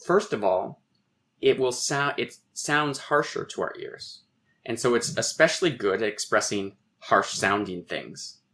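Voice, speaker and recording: A middle-aged poet being interviewed on a podcast, explaining in a professorial way and thinking aloud with frequent restarts. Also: male voice, mid-range voice, lively intonation, measured pace, fairly bright tone. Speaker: poet and guest.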